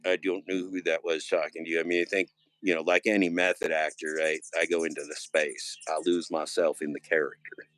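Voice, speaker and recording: A man's voice: low voice, level tone, a little fast, fairly bright tone, no echo. A man rambling and joking on a casual live stream, trailing off and restarting often.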